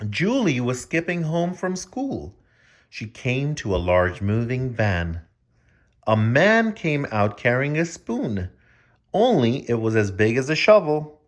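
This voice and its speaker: A man reading a children's picture book aloud, breaking off for joking asides to the kids listening. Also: mid-range voice. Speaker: children's story reader.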